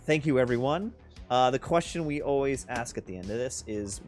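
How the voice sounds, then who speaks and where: Man, game master, relaxed narration, middle pitch, faint background music. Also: moderate pace.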